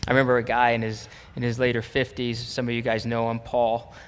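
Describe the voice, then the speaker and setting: A man's voice: mid-range voice, monotone, brisk, clear, resonant tone. A male pastor preaching a sermon, telling stories and then building to emphatic preaching. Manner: storytelling, rising to emphatic preaching. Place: church sanctuary. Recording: long reverb of a church hall.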